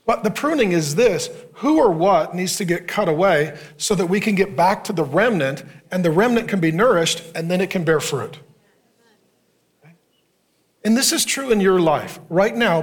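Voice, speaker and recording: A pastor delivers a sermon in a fairly high, light voice, swinging between earnest teaching and playful sarcasm. He jokes with his congregation and throws in quick asides.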